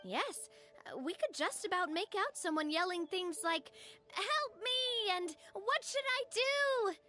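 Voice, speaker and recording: A lively young woman speaks in a high, bright voice with a playful, teasing lilt. Her pitch swings about, and soft game music sits behind her. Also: normal speed, heavily acted. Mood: recounting. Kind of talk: game voice acting.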